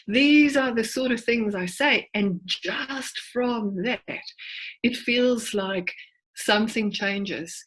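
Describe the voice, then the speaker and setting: A woman's voice: on the high side, takes it slowly, a bit bright, rough recording. A woman in her forties, a clinical psychologist, giving a conversational talk over a video call and telling stories with frequent restarts. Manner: storytelling, with frequent word restarts. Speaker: clinical psychologist, guest speaker. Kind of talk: conversational presentation.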